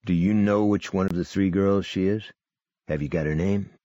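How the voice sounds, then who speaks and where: A man voicing a grim, steady male leader who talks low and quiet. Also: moderate pace, no room sound, dull audio, close to an everyday voice.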